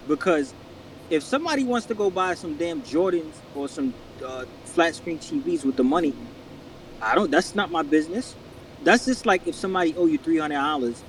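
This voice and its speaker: A man speaks emphatically into an online audio room, his voice sitting high. A faint hiss runs under the line. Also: a little mellow, far from the mic, rough recording. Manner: emphatic, ranting. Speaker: caller. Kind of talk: casual chat.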